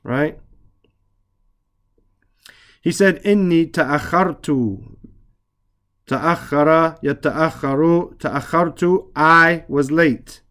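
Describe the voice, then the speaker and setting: A man teaching Arabic reading, translating lines and explaining grammar slowly and patiently, repeating words and spelling out letters. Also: on the high side, a bit bright.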